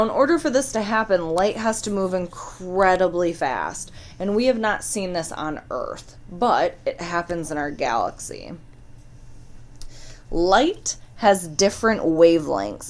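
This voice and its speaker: A woman's voice: lowish voice, expressive, unhurried, darkish tone. A woman teaching a science lesson, talking casually and putting questions straight to her students. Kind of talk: recorded classroom lesson.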